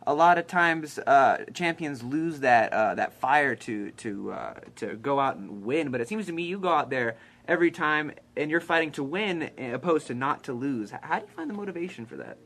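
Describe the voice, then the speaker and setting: A man's voice: a little high, expressive, normal speed, fairly bright tone. A man interviewing a fighter in a casual, enthusiastic way, often saying "nice".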